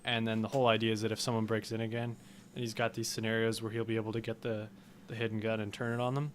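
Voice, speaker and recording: A man co-hosting a podcast, chatting casually and rambling through his take, getting animated when he retells jokes. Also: fairly low pitch, fast, slight background noise. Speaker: podcast co-host. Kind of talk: casual chat.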